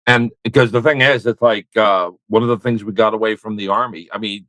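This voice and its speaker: An older man with a fairly low voice tells a meandering war story, doubling back on his words with dry humor. His voice sounds close and dry, with no room around it. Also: fairly even intonation, a little fast, a bit bright, no echo, poor audio. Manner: rambling, self-correcting, wry. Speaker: military veteran guest. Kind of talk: conversational storytelling.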